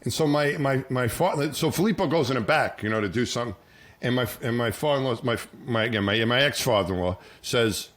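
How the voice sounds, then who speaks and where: A man telling a long, animated story in casual podcast chat, acting out the people he quotes. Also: medium pitch, fast. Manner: animated, acts out quoted voices, many restarts. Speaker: podcast co-host.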